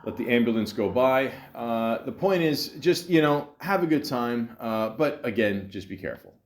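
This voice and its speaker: This is a man hosting a solo podcast in a loose, conversational way. He rambles and restarts his sentences often, with a dry, mocking edge. His voice sits at an ordinary middle pitch for a man. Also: expressive, moderate pace. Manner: rambling, sarcastic, many fillers and restarts. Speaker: podcast host. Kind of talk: casual solo podcast monologue. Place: home in a city, street sounds outside.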